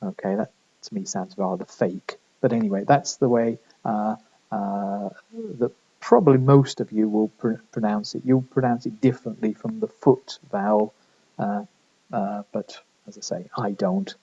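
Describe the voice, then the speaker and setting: A man's voice: fairly low pitch, fairly even intonation, normal speed, dark tone, slightly rough, dull audio. A man from the middle of England with a northern English accent, giving a recorded lecture with many fillers and restarts. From Midlands of England. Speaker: linguistics lecturer.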